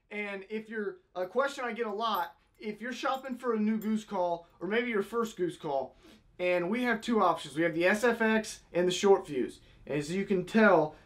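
High-voiced man teaching goose calling. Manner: step-by-step, demonstrating with vocal honk sounds. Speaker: goose call instructor. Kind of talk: casual how-to tutorial.

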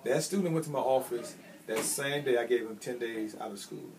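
A man's voice: mid-range voice, fairly quick. A middle-aged man from Chicago, a school administrator telling stories from his career, emphatic and repeating his key phrases. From Chicago, United States. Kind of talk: recounting personal career stories. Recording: slightly distant mic with faint ambient noise.

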